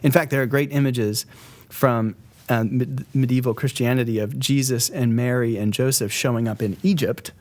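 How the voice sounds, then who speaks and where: A man speaking as a guest on a podcast, an art historian in casual conversation who tells stories in a lively way and laughs easily. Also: mid-range voice, normal speed, few pauses. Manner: lively storyteller, laughs easily, quotes figures in playful voices.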